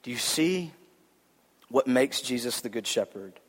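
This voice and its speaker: Male preacher, sermon, earnest conversational delivery, repeats lines for emphasis, mid pitch, long hall reverb. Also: expressive, measured pace. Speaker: pastor.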